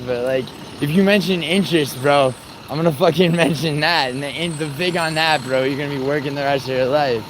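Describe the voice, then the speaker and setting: A young man livestreams outdoors on a city street, swapping profane, teasing banter with his chat in casual conversation. His mid-range voice moves a little fast, with faint street and traffic noise behind him.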